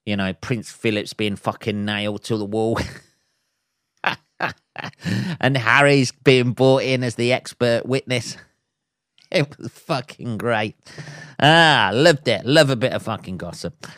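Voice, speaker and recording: A man's voice: mid-range voice, measured pace, a bit bright, dry recording, studio quality. A man hosting his own podcast, ranting casually with lots of swearing and chuckles, mocking with put-on voices. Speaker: podcast host. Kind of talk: casual solo podcast rant.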